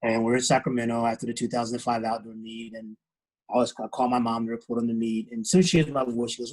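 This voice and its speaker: A man's voice: medium pitch, level tone, a little mellow, rough recording. A middle-aged man, a head track coach, talking earnestly and reflectively in a podcast interview. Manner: earnest, reflective, unhurried storytelling.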